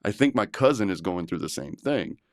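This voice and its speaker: A man on a casual podcast, telling profane stories that turn loud and animated. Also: deep voice, brisk, dry recording, clean studio sound. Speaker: podcast host.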